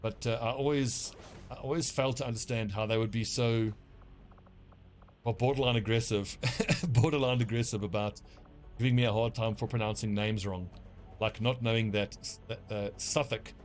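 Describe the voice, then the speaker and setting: Faint music plays behind a man with a South African accent who streams a game, rambling, swearing and self-deprecating in casual commentary. His mid-range voice keeps fairly even intonation at normal speed.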